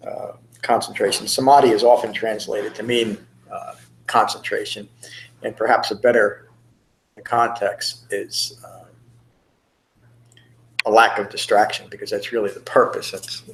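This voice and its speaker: A man teaching meditation, giving a dharma talk in a relaxed, rambling way with many pauses and fillers, in a meditation center room. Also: lowish voice, low-quality recording. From United States.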